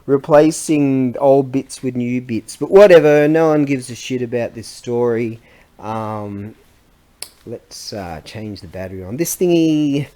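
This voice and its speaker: A man's voice: mid-range voice, animated, measured pace, warm tone. A middle-aged man, chatting casually and rambling in a vlog, often losing his thread and laughing. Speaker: vlogger and antiques seller.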